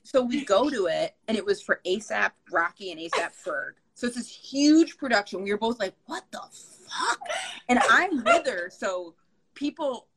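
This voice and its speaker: A woman's voice: mid-range voice, lively intonation, moderate pace, breathy edge, rough recording. A young woman co-hosting a casual chat, telling a long story with lots of "like" and plenty of swearing. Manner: rambling, lots of "like", swears freely. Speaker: podcast co-host.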